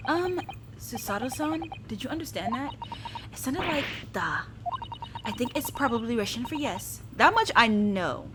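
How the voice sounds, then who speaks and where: A woman's voice: fairly high pitch, animated, normal speed, noisy background. Chatty woman musing through a game. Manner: chatty, musing aloud, giggly. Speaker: let's play gamer. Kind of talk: casual game commentary.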